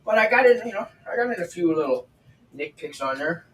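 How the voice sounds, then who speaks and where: A man's voice: high-pitched, lively intonation, fairly quick, fairly bright tone, recorded from a distance. An older man hosting a livestream, telling stories in a blunt, profane, chatty way while cooking in his home kitchen. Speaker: livestream host. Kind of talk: casual storytelling while cooking. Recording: roomy, off-mic with faint background noise.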